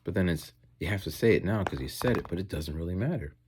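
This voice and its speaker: A man's voice: deep voice, lively intonation, fast, noisy background. A man who teaches in Japan, chatting casually in a rambling vlog while eating, going off on tangents and acting out voices.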